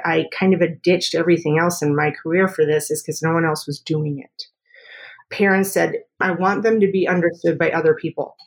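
A woman's voice: fairly low pitch, slightly rough. A woman speech-language therapist in an interview, explaining at length in a conversational way, often checking in with "right?" and laughing lightly as she thinks aloud. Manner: explanatory, tags points with "right?".

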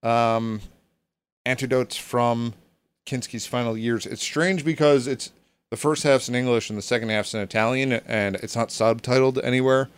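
A man's voice: medium pitch, fairly even intonation, moderate pace, clear, resonant tone. A man hosting a casual podcast chat, rambling and hesitant with lots of ums. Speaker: podcast host.

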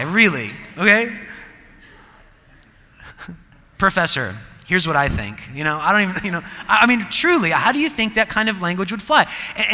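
A man preaching a sermon, emphatic, moving between loud declarations and quiet asides. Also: high-pitched. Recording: long reverb of a large hall.

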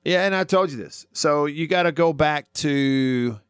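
A man's voice: on the high side, a little slow, clean tone, no room sound, studio quality. A man hosting a sports talk radio show, arguing his points and asking listeners questions. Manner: animated, argues with himself, asks listeners questions.

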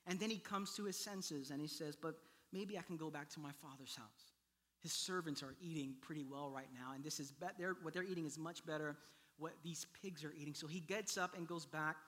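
A young adult man preaching a sermon as pastor, animated, acting out quotes and swinging between hushed lines and loud ones. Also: fairly high pitch.

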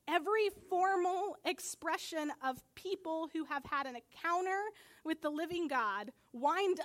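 A woman pastor preaching a sermon, telling a story earnestly and building to emphatic high points. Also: fairly bright tone.

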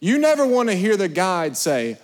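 High-pitched animated male preacher in a hall. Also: normal speed. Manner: animated, storytelling with acted voices, shifts from loud to hushed. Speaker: pastor. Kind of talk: sermon. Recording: long hall reverb.

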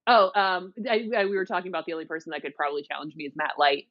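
A woman's voice: sits low, rapid-fire. A woman co-hosting a casual wrestling podcast, telling a rambling story and laughing often. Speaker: podcast co-host. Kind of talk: casual chat. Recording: dull lo-fi dry sound.

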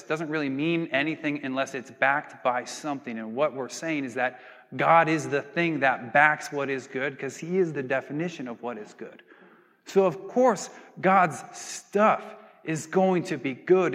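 A man preaching a sermon in a loose, chatty manner, his voice sitting a little high for a man. He keeps breaking into animated quoted voices. The sound carries a long reverb, like a large church hall. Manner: conversational, acts out quoted voices with big pitch jumps. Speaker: pastor.

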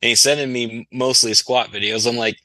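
A man guesting on a podcast in casual chat, easygoing and halting, often restarting his sentences. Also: medium pitch, fairly even intonation, bright, forceful tone, no room sound.

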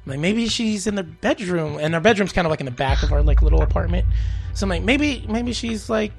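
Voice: mid-range voice, a little fast, faint music behind. A podcast host telling a story in casual chat, laughing often and acting out what they said. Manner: animated, laughs often, acts out quotes.

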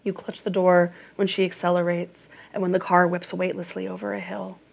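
A woman reading an audiobook in a measured, even narration. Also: on the low side, vocal fry.

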